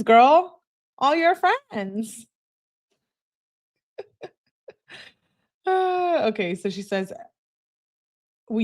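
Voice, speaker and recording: Reading text messages aloud on a casual livestream, this young woman pauses to chat with viewers and react to their comments. Her voice is mid-range and a little mellow.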